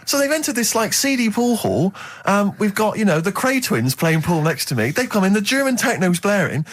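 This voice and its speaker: Male radio co-host, slightly high pitch, animated comic storyteller. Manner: animated, acts out voices, quick bursts. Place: radio studio. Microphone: studio mic.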